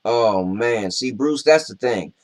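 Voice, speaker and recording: A man's voice: mid-range voice, animated, takes it slowly. A man playing Duke, a brash, boastful Southern man with a Southern US accent, co-hosting a comedy show and bragging through the viewer comments. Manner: boastful, blustery, laid-back drawl. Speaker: co-host. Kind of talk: comedic character chat reading comments.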